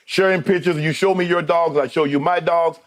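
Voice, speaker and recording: Male TV co-host in his fifties, slightly higher voice, emotional halting farewell, studio. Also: steady tone. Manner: heartfelt, choked up, with halting restarts. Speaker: sports debate TV co-host.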